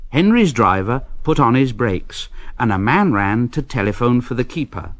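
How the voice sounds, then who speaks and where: A man reading a children's storybook aloud in a slow, expressive way. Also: medium pitch. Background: background music.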